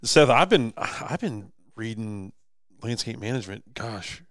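Lowish man host, dry sound. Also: expressive, measured pace, dry recording. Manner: blunt, earnest praise. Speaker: podcast host. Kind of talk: casual chat.

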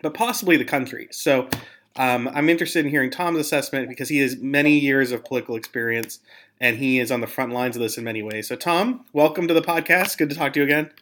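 A man's voice: medium pitch, fast, fairly bright tone, a little hiss or hum. A man hosting a podcast, chatting casually with fillers and a rambling manner. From Pennsylvania. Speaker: podcast host. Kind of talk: casual interview chat.

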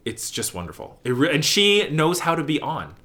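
Bright-voiced, gushing man telling stories. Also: on the high side, normal speed. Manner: animated, gushing storyteller who acts out quotes. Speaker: interview guest, theater company manager. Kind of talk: casual interview chat.

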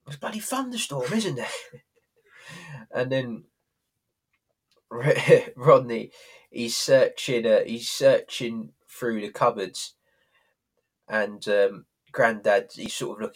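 A man's voice: on the low side, unhurried, husky. A young man co-hosting a podcast, chatting casually and enthusiastically, retelling scenes with acted-out quotes and frequent laughter. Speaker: podcast co-host.

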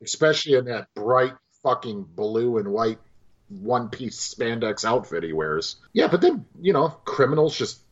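Young man, husky voice, lively swooping pitch, wry, swears, muffled mic. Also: normal speed. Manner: wry, swears freely, laughs at the film. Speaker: podcast co-host reviewing a movie. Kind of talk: casual chat.

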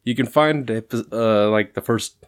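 A man's voice: medium pitch, moderate pace, smooth. A man co-hosting a podcast, talking loosely and swearing a lot, rambling with fillers while stoned. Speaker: podcast co-host. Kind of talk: casual podcast chat.

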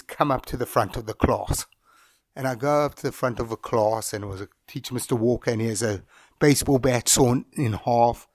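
A middle-aged man from Zimbabwe, a guest in an interview, telling stories about his life in a relaxed, anecdotal way and chuckling as he recounts them. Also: medium pitch, no room sound, clean studio sound. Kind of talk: reflective storytelling in an interview.

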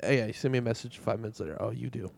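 A man's voice: medium pitch, racing, vocal fry, background noise. A young man co-hosting a casual podcast, swearing freely and ranting in exasperation. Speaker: podcast co-host. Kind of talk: casual chat.

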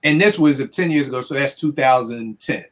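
A youth counselor and music producer from the DC area tells stories in a casual podcast chat, animatedly acting out what people said and swearing freely. His mid-range voice runs a little fast.

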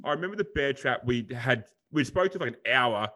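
A young Australian bloke co-hosting a podcast, talking in loose, rambling casual chat. His voice sits at an ordinary middle pitch, and he drops the odd swear word as he goes. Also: lively intonation, fairly quick, bright, forceful tone. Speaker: podcast co-host.

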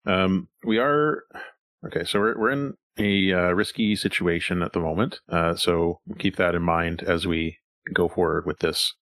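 A man's voice: low voice, measured pace, fairly bright tone, no echo. A man acting as game master, narrating a tabletop game in a rambling way with frequent fillers and chuckles. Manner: rambling, chuckling, thinks aloud with many fillers.

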